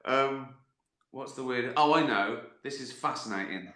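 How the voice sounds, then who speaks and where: A man's voice: mid-range voice, a little slow, sharp tone, echoey room. A middle-aged man with a West Country accent, chatting casually on a livestream, answering viewer questions with rambling, profane comic stories and giggles. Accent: West Country English. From West Country, England.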